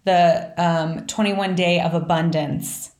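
A woman's voice: on the low side, steady tone, slow, darkish tone, echoey room. A woman hosting a podcast in casual chat, talking loosely with lots of fillers and self-deprecating asides. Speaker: podcast host.

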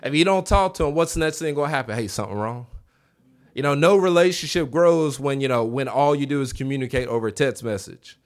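A man preaching a revival sermon in a church, animated, acting out quoted voices and calling on the congregation to answer back. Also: medium pitch, fast talker. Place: church sanctuary.

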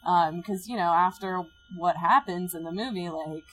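A woman co-hosting a casual film podcast, her voice sitting a little low. She talks with animated swings, swears freely and now and then sinks into a quiet mutter. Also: moderate pace, low-quality recording. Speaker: podcast co-host. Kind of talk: casual film review chat.

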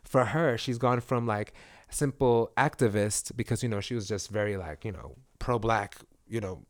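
Here a fairly low-pitched man speaks at normal speed in a dry, clean studio recording. Co-hosting a relaxed podcast conversation, he chats in a rambling way packed with filler words.

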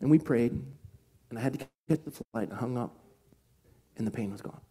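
Male pastor, mellow tone, earnest sermon storytelling, slows to hushed emphasis for key points. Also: mid-range voice, slightly rough. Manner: earnest, shifts from animated retelling to slow hushed emphasis. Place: church.

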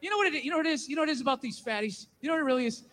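A man's voice: extremely high pitch, expressive, rapid-fire, fairly bright tone. A man doing a stand-up comedy routine, ranting in a profane way and putting on mocking voices.

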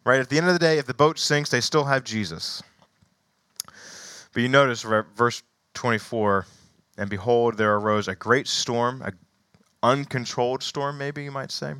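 A man's voice: mid-range voice, moderate pace, pauses often, fairly bright tone, no room sound. A man preaching a sermon, reading scripture aloud with rising emphasis and then commenting casually with small laughs.

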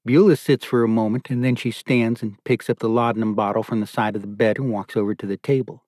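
A man giving a calm, measured scripted narration of a novel. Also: medium pitch, no echo, studio quality. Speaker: audiobook narrator.

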